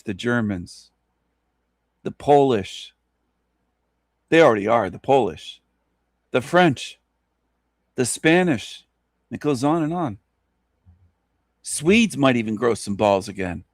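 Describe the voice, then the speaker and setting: A man of mid-range pitch delivers a rambling, emphatic radio monologue, circling back to repeat the same words for weight. The sound is close and dry with no room around it. He often chuckles mockingly between his points. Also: dry recording. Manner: rambling, repetitive, emphatic rant with sudden pitch jumps. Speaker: radio show host.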